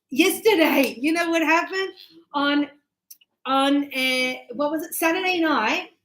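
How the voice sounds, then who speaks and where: A woman's voice: sits high, a bit bright, poor audio. A woman teaching an English grammar class, chatting loosely and telling stories from her own life. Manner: chatty, tells anecdotes, repeats words. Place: classroom in Sydney.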